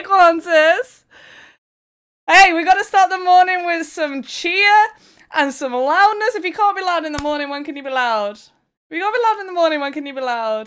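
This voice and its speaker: A woman hosting a live stream, talking to her viewers in a loud, excitable way. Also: very high voice. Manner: excitable, loud, fast-shifting energy. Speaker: streamer host.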